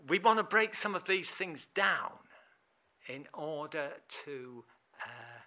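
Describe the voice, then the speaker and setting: Chatty man, lay preacher in church, lively pitch, ringing bright tone. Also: slow pace. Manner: chatty and animated, laughs often. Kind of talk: informal sermon.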